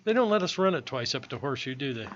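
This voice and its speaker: A man's voice: mid-range voice, very animated, racing, fairly bright tone, highs cut off. A man co-commentating a live poker stream in a conversational way, explaining hands and rules.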